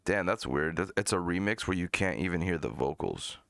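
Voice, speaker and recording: A man's voice: sits low, animated, fairly quick, creaky, fairly bright tone, dry recording, clean studio sound. A man hosting a live music-review stream, talking bluntly and profanely with mocking asides. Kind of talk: casual live-stream chat.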